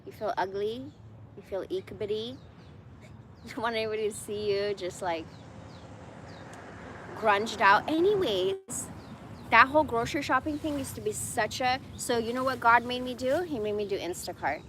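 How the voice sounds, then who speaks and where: A woman's voice: on the high side, normal speed, pauses often, a bit bright, a little hiss or hum. Blunt, foul-mouthed woman in her forties ranting. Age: 40s. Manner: profane, venting, blunt. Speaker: livestreamer. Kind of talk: casual ranting monologue.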